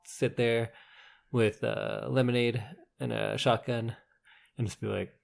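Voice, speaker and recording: A man's voice: medium pitch, flat delivery, unhurried, gravelly. A man hosting a podcast, bantering in a joking, playful way. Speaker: podcast host.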